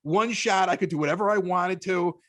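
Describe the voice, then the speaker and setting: A man with a Chicago accent tells stories as a podcast guest, animated and restarting his sentences. His voice sits a little high for a man. The recording is dry and close. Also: fairly quick, no room sound. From Chicago, United States. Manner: animated storyteller with stammered restarts. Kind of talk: casual storytelling chat.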